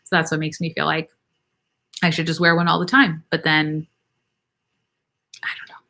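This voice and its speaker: A woman's voice: low-pitched, level tone, moderate pace, gravelly, pushed and bright. A young woman who is a nurse practitioner, hosting a casual live Q&A, chatty, laughing often and saying "like" a lot.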